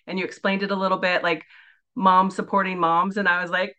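A woman's voice: fairly low pitch, flat delivery, brisk, bright, forceful tone, clear, resonant tone. A woman in her forties, a podcast guest chatting casually and telling her story with lots of filler words. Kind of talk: casual interview chat.

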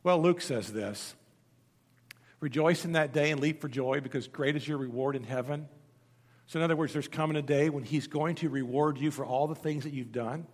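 Preacher man with a high voice in a reverberant hall. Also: normal speed. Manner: storytelling preacher, swings from loud emphatic to hushed. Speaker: pastor. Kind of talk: sermon.

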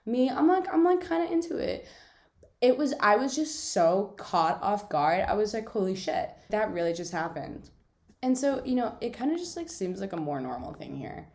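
A woman's voice: on the high side, sing-song, moderate pace, a little mellow. Chatty young woman podcasting in echoey room. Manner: chatty, filler-heavy, giggly storytelling. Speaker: podcast host. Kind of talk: casual solo podcast chat.

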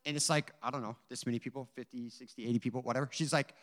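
A man's voice: mid-range voice, animated, fast, a bit bright, long reverb tail. A man giving an earnest, emotional personal testimony to a church audience, telling his story with many asides. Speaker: guest speaker giving a testimony.

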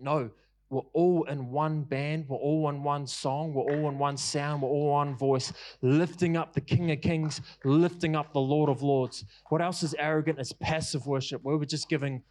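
A man's voice: fairly high pitch, normal speed, darkish tone. A man preaching a passionate sermon, repeating his lines for emphasis and using casual fillers. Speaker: pastor.

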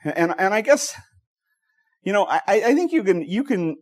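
A man's voice: high voice, big pitch swings, normal speed. A middle-aged male pastor preaching a conversational expository sermon, acting out quoted voices and asides.

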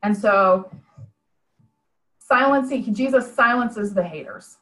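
A woman's voice: mid-range voice, takes it slowly, fairly bright tone, roomy sound, rough recording. Woman giving a chatty reflective sermon on a video call, plain-spoken storytelling. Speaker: preacher. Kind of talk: conversational online sermon.

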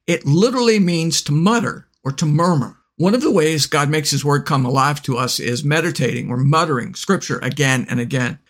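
Slow-speaking man teaching scripture. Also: on the high side, fairly bright tone. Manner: slow and deliberate, drops to a near murmur when reciting scripture. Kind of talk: devotional teaching.

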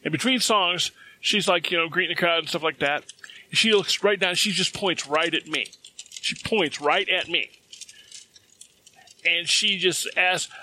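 A middle-aged man spins a personal story in a casual, chatty way. His voice sits a little high and sounds bright and forward. He often breaks into a chuckle at his own jokes. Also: a little slow, pauses often, slight background noise.

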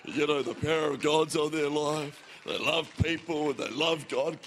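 A man's voice: on the high side, fairly even intonation, normal speed, fairly bright tone, slight background noise. A man voicing a fellow pastor who urges him on in a rousing, declamatory preacher's voice. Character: booming male pastor hyping up a preacher.

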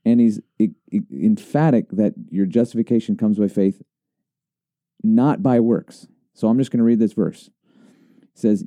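A man's voice: lowish voice, moderate pace, dark tone, no echo. A man who is a pastor, earnestly explaining doctrine on a teaching podcast with an emphatic tone.

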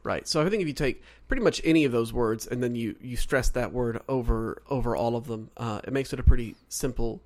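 A man co-hosts a podcast and works through his points carefully, often rephrasing himself. His voice has an ordinary middle pitch. He speaks in an easy, conversational way. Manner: measured, reasons step by step, rephrasing himself. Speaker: podcast co-host. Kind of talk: casual podcast discussion.

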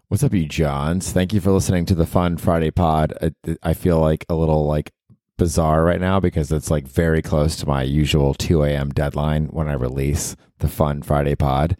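A man's voice: a bass voice, steady tone, moderate pace, a little mellow, dry recording, studio quality. A man in his forties hosting a solo comedy podcast, rambling with lots of likes and you knows. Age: 40s. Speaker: podcast host.

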